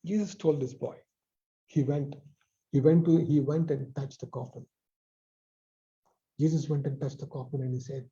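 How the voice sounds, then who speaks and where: A man's voice: medium pitch, steady tone, moderate pace, long pauses. Man preaching over a dull video call. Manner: repetitive, emphatic with soft drops. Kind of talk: sermon.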